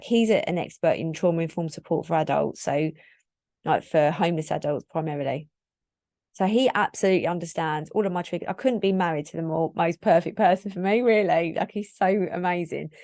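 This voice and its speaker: Her fairly low, darkish voice carries this solo podcast monologue, where the thirty-something host muses openly and wanders from thought to thought, peppering everything with "like." The audio is close and dry, free of room echo.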